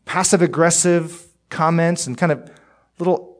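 A man's voice: fairly high pitch, moderate pace. Earnest male pastor preaching. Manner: earnest, swings between emphatic and hushed. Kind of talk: sermon. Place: church, streamed online.

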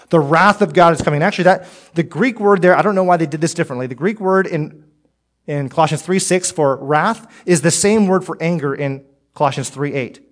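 A man preaching a sermon as pastor, earnest and direct, swinging between emphatic lines and hushed ones. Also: fairly high pitch. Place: church, streamed online.

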